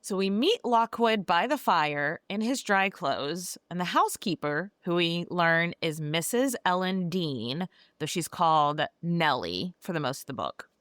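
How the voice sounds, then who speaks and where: A woman's voice: fairly low pitch, lively intonation, measured pace, fairly bright tone, dry recording. A woman podcast host recapping a classic novel in a breezy, gossipy, irreverent way, with swearing, on a close mic. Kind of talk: casual book recap.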